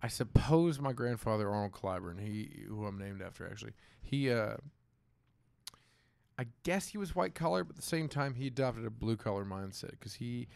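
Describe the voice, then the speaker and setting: A man with a Southern Ohio accent, hosting a casual chat, animated, swearing freely and laughing often as he acts out quotes. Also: medium pitch, moderate pace, gravelly, smooth, no echo. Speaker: host.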